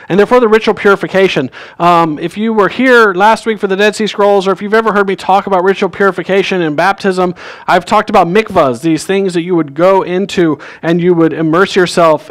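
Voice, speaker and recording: A male pastor giving a sermon in a church, telling a story in a casual way and acting out the characters' lines. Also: sits high. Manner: conversational storytelling, acts out quoted lines. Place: church sanctuary.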